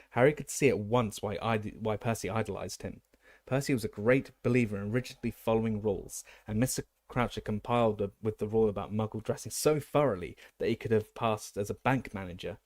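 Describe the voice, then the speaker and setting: A man reading an audiobook aloud, steady with small slips and restarts. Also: on the low side, a little fast, no room sound, studio quality. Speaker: audiobook reader. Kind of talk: audiobook narration.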